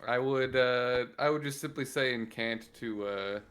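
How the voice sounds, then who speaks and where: A man's voice: mid-range voice, unhurried, fairly bright tone. A man playing in a tabletop game, talking hesitantly with many fillers. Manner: hesitant, with fillers; polite when in character. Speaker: player. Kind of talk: casual tabletop role-play.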